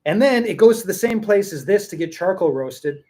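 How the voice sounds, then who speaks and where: Guy chatting away about tea on a live stream, kinda high voice, repeats stuff a lot. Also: lively intonation, normal speed, darkish tone. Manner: chatty, rambling, repeats himself for emphasis. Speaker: tea seller and show host. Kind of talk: casual live tea tasting chat.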